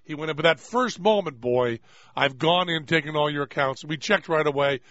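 A man hosts a radio talk show, rambling through stories with jokes and easy laughter. His voice sits a touch high. The studio sound is dry and a little dull. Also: a bit bright, dry recording. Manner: rambling, jokey, quick to laugh. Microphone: studio microphone.

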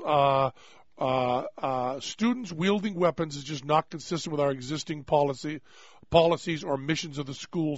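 A man hosts a radio talk show, rambling through stories with jokes and easy laughter. His voice sits a touch high. The studio sound is dry and a little dull. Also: a bit bright, no room sound. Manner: rambling, jokey, quick to laugh. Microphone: studio microphone.

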